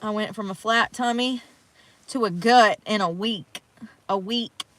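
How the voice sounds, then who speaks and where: A woman's voice: mid-range voice, unhurried, noisy background. A young woman chatting casually to viewers on a live stream from outdoors in the snow, swearing freely as she talks. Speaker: livestreamer.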